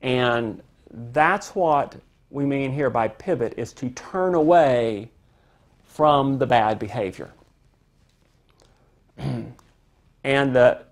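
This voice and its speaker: A parenting instructor giving a calm, conversational lesson, explaining with everyday family examples. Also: medium pitch. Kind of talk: instructional talk to camera.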